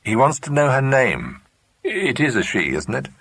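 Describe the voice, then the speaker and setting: A man's voice: mid-range voice, huge pitch swings, moderate pace, a bit bright, breathy edge, no echo, voice pushed up, full character voice. A man voicing an eager, helpful young man speaking to his great-aunt. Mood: earnest. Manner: eager, accommodating. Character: young adult man, good-natured and helpful great-nephew.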